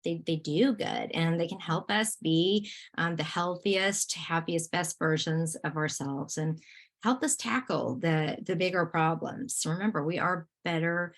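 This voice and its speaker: A woman lecturer speaking over a video call in a slightly low voice. She is encouraging and warm in tone, often pausing on fillers and restarting her phrases as she explains. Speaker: lecturer on positive emotions. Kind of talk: online presentation and Q&A.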